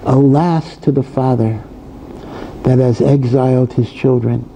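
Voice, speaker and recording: A man's voice: mid-range voice, fairly even intonation, measured pace, creaky, mellow, slight background noise, rough recording. A male rabbi giving a Torah lecture in a conversational way, full of asides and repeated phrases. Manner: conversational, many asides and repetitions.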